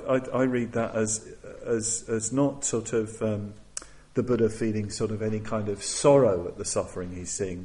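A man giving a Buddhist dharma talk, thoughtful and hesitant, with many restarts and pauses. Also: on the low side, darkish tone, low-quality recording. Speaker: Buddhist teacher.

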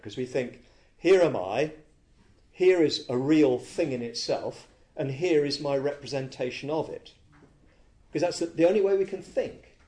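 A man giving a reflective dharma talk as a Buddhist teacher, halting and searching for words, often correcting himself. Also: mid-range voice, dark tone.

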